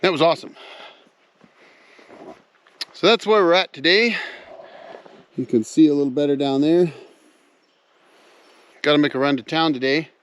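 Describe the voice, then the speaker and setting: A man's voice: on the high side, normal speed, long pauses. A man chatting casually to his viewers as he walks around wooded land outdoors, talking in a folksy way and calling them folks. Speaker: vlogger, off-grid cabin builder. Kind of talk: casual vlog narration while walking.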